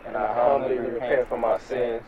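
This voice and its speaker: A young man playing a frustrated street hustler in a music video skit, agitated and shouting, recorded outdoors with traffic noise behind. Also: mid-range voice, little pitch movement, moderate pace, dull audio, a loud crowd, close to an everyday voice. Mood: repentant. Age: young adult.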